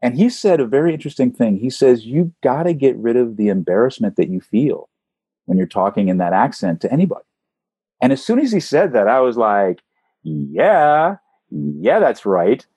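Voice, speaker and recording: A man, a voice actor, talking casually in an interview, telling animated stories and swooping up in pitch for emphasis. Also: brisk, slightly rough, no echo. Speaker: voice actor guest.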